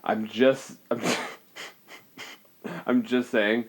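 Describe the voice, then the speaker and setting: A man's voice: mid-range voice, little pitch movement, very slow. A young man co-hosting a comedy podcast, joking around, swearing and laughing a lot. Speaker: podcast co-host. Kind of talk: casual comedic banter.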